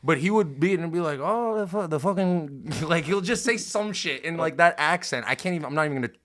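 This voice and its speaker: Fast-talking young man, profane and tangential. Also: fairly high pitch, fairly bright tone. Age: 20s. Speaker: podcast host. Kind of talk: casual podcast chat.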